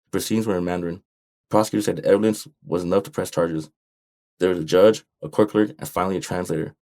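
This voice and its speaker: Narrating his memoir as an audiobook, this American author speaks fast in a low, slightly mellow voice with fairly even intonation. He comes across as blunt and wry, swearing now and then.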